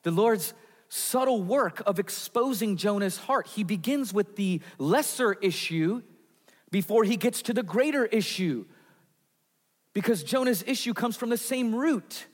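A man preaching a sermon in a church, earnest, with dramatic drops in pitch and volume. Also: animated, measured pace. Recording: reverberant hall.

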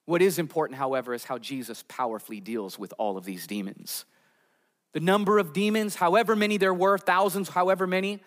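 A man's voice: on the high side, fairly bright tone, long reverb tail. A man preaching an expository sermon, building emphasis and sometimes voicing quoted pleas. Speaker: pastor.

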